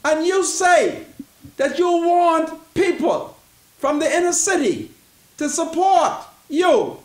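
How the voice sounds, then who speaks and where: A Bahamian man hosting a commentary show, pleading and repeating himself in a preachy way and breaking into shouts. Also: very high voice, animated, takes it slowly, reverberant. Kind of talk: impassioned political commentary.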